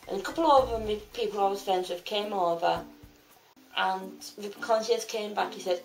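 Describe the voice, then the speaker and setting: A woman tells a story to the camera in a casual, rambling way, stopping and restarting as she goes. Her voice has a gravelly edge, and faint music plays in the background. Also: medium pitch, fairly even intonation, normal speed, rough recording. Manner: rambling retelling with restarts and fillers. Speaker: vlogger.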